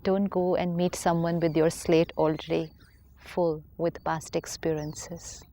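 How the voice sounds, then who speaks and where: A woman, a spiritual teacher calmly explaining ideas on a counselling talk show. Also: sits low, unhurried, slight background noise. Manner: calm, explanatory, acts out inner dialogue.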